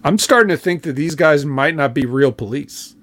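A man's voice: fairly high pitch, expressive, moderate pace, fairly bright tone. A man co-hosting a wrestling review podcast, recapping events in a laid-back way with fillers. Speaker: podcast co-host.

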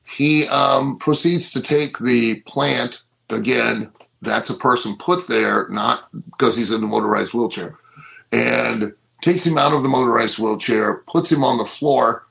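A middle-aged man co-hosting a casual wrestling podcast, telling stories in an animated way and acting out what people said. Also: medium pitch, unhurried, vocal fry, low-quality recording. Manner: animated storyteller, acts out quotes. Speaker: co-host.

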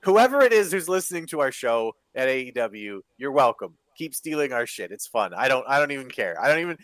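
A man's voice: mid-range voice, big pitch swings, a little fast, fairly bright tone, no echo. A man co-hosting a podcast, ranting in exasperated, sweary casual chat. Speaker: podcast co-host.

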